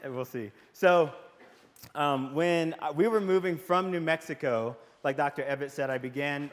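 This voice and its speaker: A man's voice: on the high side, a bit bright. Texan man telling stories in a hall. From Waco, Texas. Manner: casual, storytelling, jokey, questions the audience. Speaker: psychology professor. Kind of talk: convocation talk to students. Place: large hall with audience. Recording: long hall reverb.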